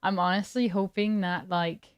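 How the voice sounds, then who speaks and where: A woman's voice: fairly low pitch, steady tone, moderate pace, smooth, dry recording, dull audio. A woman streamer chatting casually with her live viewers, laid-back and giggly, greeting people by name. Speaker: game streamer.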